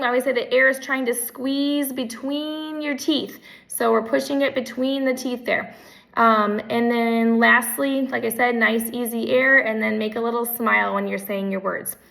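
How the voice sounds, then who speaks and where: Gentle, bright-voiced woman speech therapist. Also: fairly high pitch, moderate pace, gravelly, rough recording. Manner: gentle, patient, repeats cues. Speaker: speech language pathologist. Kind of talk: home practice lesson.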